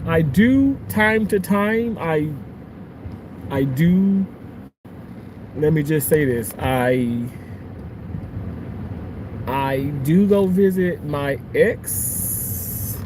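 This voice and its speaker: A man's voice: a little high, animated, very slow, pauses often, background noise. A man chatting casually on a live stream from his car, loose and profane, reading viewer comments aloud. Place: outdoors in a car, evening.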